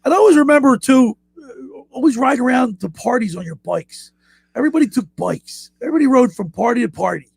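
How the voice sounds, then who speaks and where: A man hosting a casual radio chat, telling animated stories and shouting out quoted lines. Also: very high-pitched, quick pace, creaky, husky, no room sound. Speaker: radio show host.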